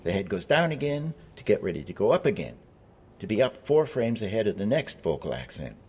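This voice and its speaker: A man reading scripted narration for an instructional video, measured and explanatory. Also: fairly low pitch, big pitch swings, a little mellow, slightly rough.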